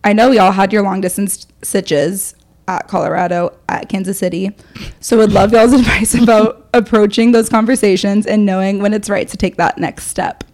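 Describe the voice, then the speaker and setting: A woman's voice: medium pitch, normal speed. A young woman co-hosting a podcast, telling stories in casual chat and reading listener emails aloud. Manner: animated storyteller, reads listener emails aloud. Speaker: podcast co-host.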